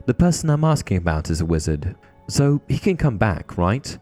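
A man's voice: fairly low pitch, very animated, moderate pace, dark tone, faint music behind. A man voicing an angry, grieving teenage boy wizard who talks urgently and raises his voice.

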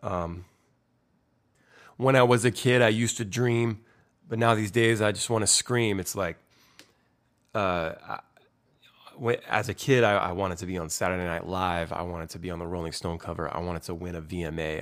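Young male band singer, deep voice, loose and candid, rambling with frequent swearing. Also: fairly even intonation, normal speed, long pauses. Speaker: band singer explaining his lyrics. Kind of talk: casual talk about song lyrics.

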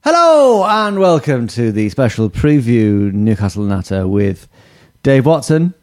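A man's voice: medium pitch, sing-song, a little slow, no room sound. A man hosting a casual chat podcast, rambling hesitantly and mocking himself. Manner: hesitant, lots of fillers and restarts, self-mocking. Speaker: podcast host.

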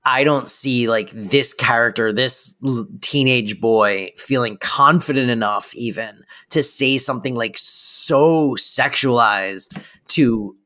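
Mid-pitched podcast co-host chatting. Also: slow pace, bright, forceful tone. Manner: loose, filler-heavy opinions. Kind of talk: casual chat.

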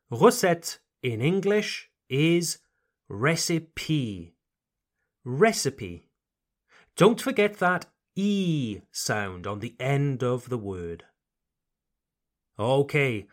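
A man teaching English pronunciation on a podcast, speaking slowly and carefully over-articulating words, with short French phrases mixed in. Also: fairly high pitch.

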